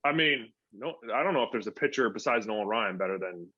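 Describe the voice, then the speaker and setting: A man in his forties, a former pro pitcher, telling stories as a podcast guest and acting out the dialogue. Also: fast, husky. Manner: animated storyteller who acts out quoted dialogue. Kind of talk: casual storytelling interview. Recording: dull lo-fi podcast audio.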